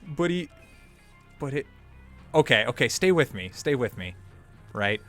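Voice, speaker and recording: Over soft background music, this gameplay video co-host talks in a medium-pitched, very animated voice without hurrying. His chat about the game is loose and rambling, full of laughter and free swearing.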